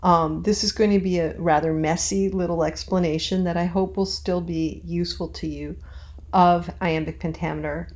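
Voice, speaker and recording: A woman teaching her acting students in an informal, chatty recorded lesson, tapping out rhythms aloud as she explains. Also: on the low side. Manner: relaxed, chatty, with frequent restarts and rhythmic demonstration.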